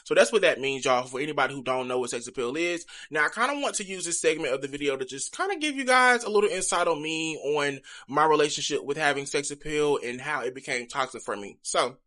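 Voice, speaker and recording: A man's voice: a little high, lively intonation, fast, few pauses, pushed and bright. A young man talking to viewers in a candid, chatty confessional vlog. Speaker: vlogger.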